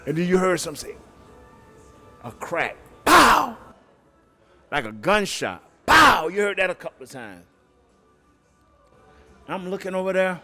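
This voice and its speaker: A middle-aged man, a podcast guest telling lively stories, acting out quotes and laughing often. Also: sits high, moderate pace, long pauses, faint music behind. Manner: animated storyteller, acts out quotes, laughs often. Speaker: guest, former football player. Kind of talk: storytelling podcast interview.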